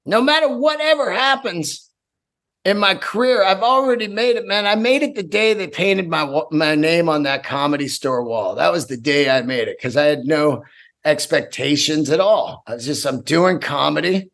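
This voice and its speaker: Excitable profane man in his fifties. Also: a little high, moderate pace, creaky. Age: 50s. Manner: excitable, profane, rambling with restarts. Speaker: podcast host and stand-up comedian. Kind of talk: casual solo podcast storytelling.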